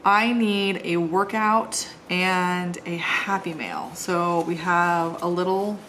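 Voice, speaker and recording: A woman's voice: lowish voice, takes it slowly, a bit bright, slight background noise. A middle-aged woman chatting casually and rambling while she decorates a planner at home, poking fun at herself. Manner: chatty, rambling, self-deprecating. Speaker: planner vlogger. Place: home, seated on the floor.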